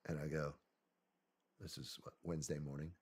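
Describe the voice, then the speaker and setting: A man, a podcast guest, telling a personal story in a soft-spoken, hesitant way that often trails off. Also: extremely low pitch, flat delivery, normal speed, breathy edge.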